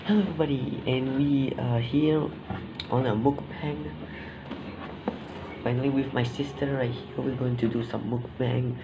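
A man's voice: mid-range voice, fairly even intonation, normal speed, muffled recording, heavy background noise. A young man hosting a casual eating vlog, rambling and hesitant with lots of fillers. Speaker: vlogger.

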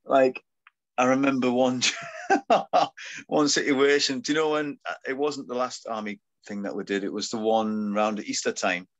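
A British man in relaxed conversation, joking and laughing as he tells stories. His voice sits at an ordinary middle pitch. He jumps in and out of funny voices while recounting anecdotes. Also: moderate pace. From Britain. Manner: jokey, animated storyteller who laughs often. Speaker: guest musician. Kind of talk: casual chat.

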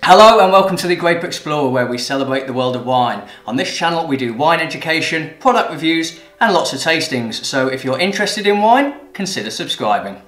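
Man, wine host, upbeat and jokey, fairly high voice, roomy echo, soft music behind. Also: lively intonation, fairly quick, hardly any pauses. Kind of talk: presenting a casual quiz. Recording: roomy sound with light music.

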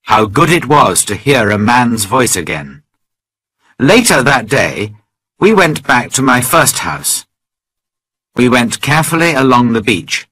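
A man slowly narrating a simple story for English learners, reading clearly and carefully. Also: mid-range voice, pushed and bright, no echo, low-quality recording.

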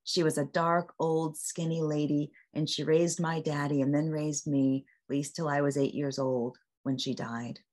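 A woman's voice: low voice, little pitch movement, a little mellow, close to an everyday voice. A woman reading aloud the words of an older man, a father recalling the elders of his family in folksy vernacular speech. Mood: fond. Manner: folksy vernacular storytelling, slowed and emphatic.

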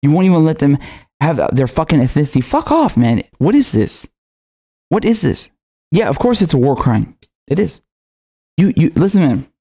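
A man's voice: a little high, sing-song, fairly quick, mellow. A man hosting a political commentary show, ranting with anger and heavy swearing, often stammering and restarting. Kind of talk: heated video commentary.

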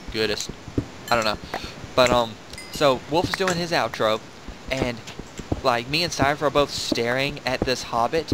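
A man's voice: medium pitch, background noise. A young man hosting a gaming video, rambling and joking in casual commentary while laughing at himself.

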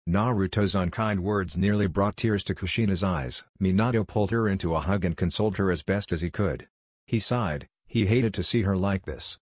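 Low husky male story narrator. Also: normal speed, no echo, studio quality. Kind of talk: scripted narration of a fan fiction story.

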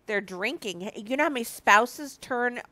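Teary, slow-speaking woman in her fifties. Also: on the high side, lively intonation, pushed and bright, no echo. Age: 50s. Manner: earnest and confessional, with halting restarts. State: teary, on the edge of crying. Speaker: marriage ministry speaker. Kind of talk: heartfelt devotional talk to viewers.

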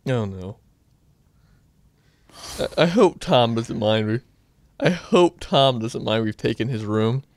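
A man hosting a casual game let's-play, excitable and playful, often bursting into high yelps. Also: takes it slowly, long pauses. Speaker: gameplay channel host.

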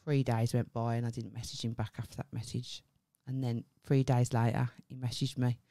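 Her voice is very deep and mellow, delivered flatly and a little fast. Co-hosting a comedy podcast, she chats casually through an animated story, performing the quoted lines and cursing without restraint.

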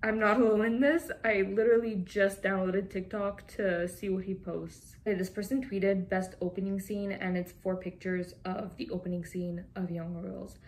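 A woman's voice: mid-range voice, flat delivery, moderate pace, hardly any pauses, darkish tone. A young woman from Canada chatting casually and giggling as she reads fan tweets aloud. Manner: chatty and giggly, often laughing. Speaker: vlogger.

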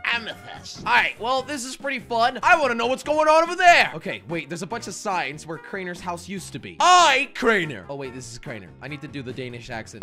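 Excitable man doing game commentary. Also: very high voice, brisk, hardly any pauses, faint music behind. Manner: excitable, shouting, big swings. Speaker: gaming video host.

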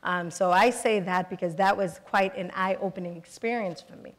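A woman's voice: medium pitch, fairly even intonation. A woman, a state senator earnestly telling personal stories in a panel discussion. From Boston, Massachusetts. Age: 40s. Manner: earnest storytelling, brisk. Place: public forum hall. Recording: echoey hall.

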